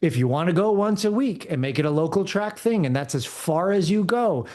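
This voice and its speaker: A man's voice: high-pitched, expressive, a little fast, a little mellow. A man talking as a podcast guest, easygoing and encouraging in a casual conversation.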